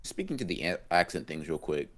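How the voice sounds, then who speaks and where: Really deep voiced guy on a podcast, chill and jokey, lots of um and like. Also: big pitch swings, brisk, a bit bright. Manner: laid-back, joking, hedging with um and like. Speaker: podcast co-host. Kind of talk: casual chat.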